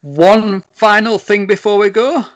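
A man's voice: sits high, measured pace. A man co-hosting a casual podcast, laid-back and giggly. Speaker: podcast co-host. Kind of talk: casual chat.

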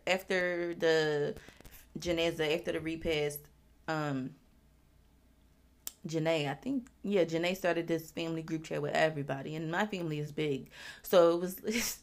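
A woman's voice: low voice, normal speed, gravelly. A woman in her twenties hosting a podcast, talking candidly and casually about family, swearing freely and using many fillers. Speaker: podcast host. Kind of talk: personal reflective monologue.

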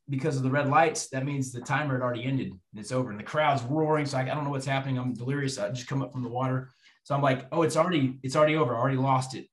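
A man telling a personal faith story to an audience, animated and acting out the voices of people in it. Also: medium pitch. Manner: animated, acts out quoted voices. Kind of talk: storytelling testimony. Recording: roomy echo.

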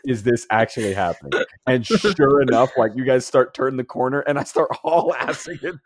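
A man's voice: medium pitch, moderate pace, background noise. A man telling a funny story in a casual chat with friends, laughing often as he goes.

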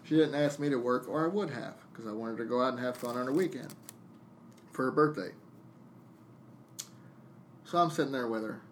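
A man of middle pitch telling a story on a podcast, blunt and full of swearing. He jumps into both sides of remembered arguments as he talks, with a faint hiss under the recording. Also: moderate pace, long pauses. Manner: venting, blunt and profane, jumping into quoted dialogue. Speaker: podcast guest, DJ. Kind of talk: casual storytelling chat.

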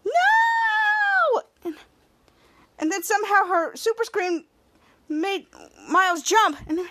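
A woman hosting a podcast, retelling a TV episode in a rambling way with many halting restarts, and acting out the characters' lines in animated voices. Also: extremely high pitch, noisy background. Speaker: podcast host. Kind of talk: casual episode recap.

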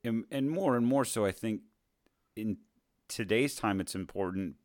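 A man's voice: on the low side, moderate pace, a little mellow, dry recording, studio quality. A man from the United States hosting a casual whiskey tasting chat, explaining at length with many fillers and restarts.

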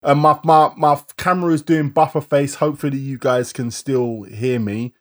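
A man co-hosts a live-streamed podcast. He chats casually in a middle pitch and reels off shout-outs to viewers in quick lists. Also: steady tone. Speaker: podcast co-host.

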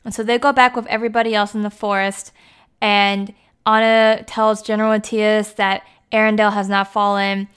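A woman's voice: medium pitch, flat delivery, normal speed, a bit bright, smooth. A woman giving a casual, chatty recap, with lots of "like" and "you know" as she talks.

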